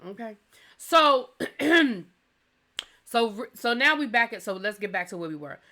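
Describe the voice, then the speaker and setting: A woman's voice: on the high side, expressive, sharp tone. A woman hosting a TV review channel, recapping an episode in chatty, colloquial, playfully sassy talk. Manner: acts out lines in quick asides.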